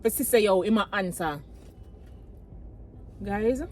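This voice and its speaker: A woman's voice: lowish voice, animated, a little slow, long pauses, dark tone, a little hiss or hum, rough recording. Earnest Jamaican woman testifying in a car. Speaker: vlogger. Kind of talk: casual chat.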